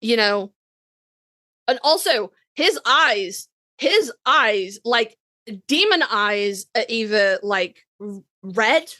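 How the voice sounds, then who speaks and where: Woman co-host, higher pitch, animated casual storyteller who swears freely. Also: takes it slowly. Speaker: podcast co-host. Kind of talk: casual chat recapping a TV episode. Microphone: online voice chat.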